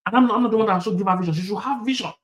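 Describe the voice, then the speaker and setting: A man preaching a sermon, repeating his points, laughing, and swinging from loud to hushed. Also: high voice, very fast. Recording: echoey hall.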